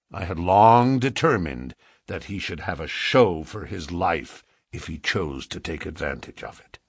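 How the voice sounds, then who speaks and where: A man's voice: lowish voice, creaky, fairly bright tone, breathy edge, no echo, clean studio sound. A man reading a classic novel aloud as dramatic first-person narration. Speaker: audiobook narrator.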